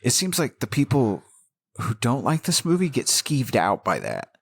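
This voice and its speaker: A laid-back man hosts a casual film podcast, giggling easily and swearing freely. His pitch roams widely as he talks. The sound is dry and close, with no room around it. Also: wildly swooping pitch, moderate pace, vocal fry, slightly rough, no echo. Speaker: podcast host. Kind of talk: casual chat.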